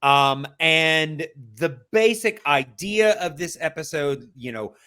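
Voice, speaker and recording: A man's voice: on the high side, animated, takes it slowly, bright, forceful tone, smooth. A man hosting a podcast in casual chat, thinking aloud and explaining at length. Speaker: podcast host.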